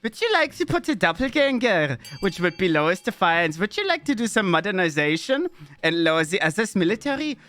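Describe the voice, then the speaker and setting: Man, streamer, animated pitch, chatty gameplay commentary, laughs a lot. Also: fairly quick, faint music behind. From Austria. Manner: chatty, laughs often, reads game text aloud.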